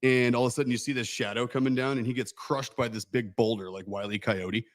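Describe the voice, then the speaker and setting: A man's voice: medium pitch, fairly even intonation, quick pace. A man co-hosting a casual chat, telling wry anecdotes. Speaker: co-owner and co-host.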